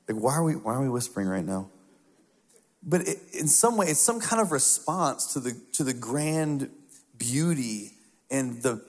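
A man preaching a sermon as pastor, talking in a conversational, storytelling way with hushed asides. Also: mid-range voice. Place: church sanctuary. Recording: long reverb of a large hall.

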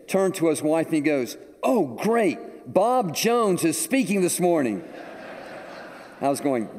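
An older man preaching a sermon as pastor, telling homey anecdotes in a slow, deliberate way. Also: on the high side, mellow, big-room sound. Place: large auditorium.

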